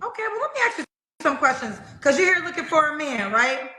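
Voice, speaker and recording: A woman interviews a talk show guest, pressing her with matter-of-fact questions. Her voice is high and sharp, and the room rings with echo. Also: big pitch swings, fairly quick.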